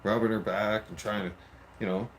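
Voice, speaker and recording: A man's voice: fairly low pitch, fairly even intonation, normal speed, slight background noise. A man telling a story in a casual, profane rant, full of repeated "I'm like.". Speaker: vlogger.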